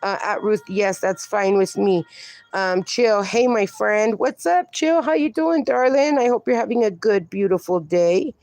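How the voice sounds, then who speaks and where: Slow-talking woman livestreaming from her backyard. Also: mid-range voice, darkish tone, dry recording. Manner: slow, affectionate, reads chat comments aloud. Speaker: livestream host. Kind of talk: casual livestream chat. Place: outdoors in a backyard.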